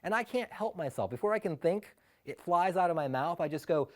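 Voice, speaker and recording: Animated man telling a comic tale. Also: a little high, fairly quick. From Illinois, USA. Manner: animated, self-mocking, wry asides. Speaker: storyteller. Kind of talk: comic personal storytelling.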